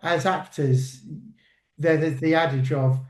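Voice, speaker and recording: A man, a working actor, telling stories in a casual interview, lively and full of fillers and restarts. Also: a little high, slow, echoey room. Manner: animated storyteller, acts out quotes, many fillers.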